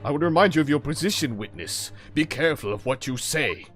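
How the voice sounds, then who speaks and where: A man voicing a stern male courtroom official who gives a witness a firm, measured warning while reading a video game's dialogue. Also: a little high, lively intonation, fairly bright tone, soft background music.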